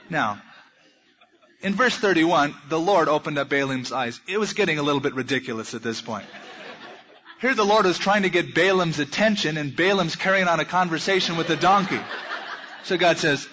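Male preacher, folksy storyteller with jokes, higher voice, dull lo-fi sound. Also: animated, moderate pace, sharp tone, slight background noise. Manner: folksy storytelling with humorous asides. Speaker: pastor. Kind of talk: sermon.

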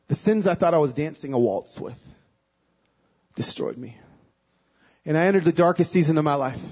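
A man giving a sermon as a guest speaker, telling a personal story with emotion, moving between hushed and loud, pleading passages. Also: on the high side, lo-fi sound.

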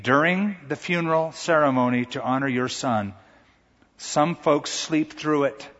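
A man's voice: a little high, lively intonation, measured pace, fairly bright tone. A male pastor preaching a sermon, telling a story in a vivid, dramatic way. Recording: echoey hall, dull lo-fi sound.

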